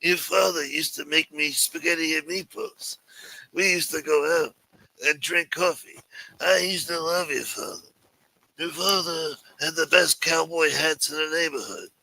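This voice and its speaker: A rambling, sentimental mob elder, as a man puts him on, pleading in a raised, bright voice. He wanders from point to point, full of old-world nostalgia. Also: steady tone, unhurried, creaky, no room sound, full character voice, poor audio. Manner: higher-pitched, rambling and wheedling.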